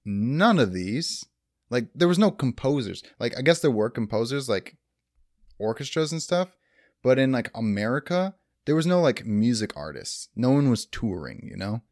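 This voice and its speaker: Lively young-sounding man chatting about a movie. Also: mid-range voice, normal speed, no echo, clean studio sound. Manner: enthusiastic, heavy use of "like" and "dude". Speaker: podcast co-host. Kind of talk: casual movie review chat.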